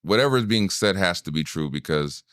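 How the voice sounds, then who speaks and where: A man's voice: low-pitched, animated, a little fast, fairly bright tone, clear, resonant tone, no echo, studio quality. A man co-hosting a podcast in casual chat. He tells stories with animation, acts out quotes, and swears freely. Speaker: podcast co-host.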